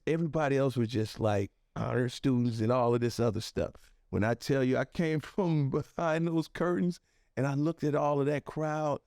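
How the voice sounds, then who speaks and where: A man telling a personal story as a podcast guest, animated and conversational, with plenty of "you know" and "right", close on a podcast microphone. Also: no echo. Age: adult. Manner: animated, acts out quoted voices with sharp pitch jumps.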